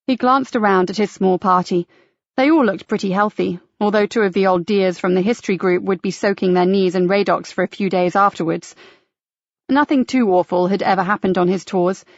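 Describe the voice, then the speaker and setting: A woman narrating a mystery audiobook in a measured, even storytelling manner. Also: mid-range voice, no room sound, dull audio.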